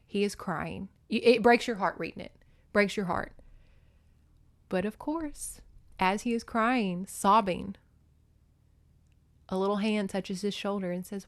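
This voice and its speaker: A woman hosting a podcast, recapping a book on her phone in an animated, emotional way, swinging between loud and hushed and cursing freely. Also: medium pitch, unhurried. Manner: laughs and curses freely. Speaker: podcast host. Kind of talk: casual book recap monologue.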